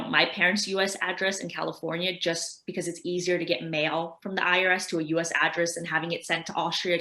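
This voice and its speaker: A woman's voice: on the low side, pushed and bright, echoey room. A woman tax advisor giving a casual workshop presentation, explaining in a chatty, rambling way.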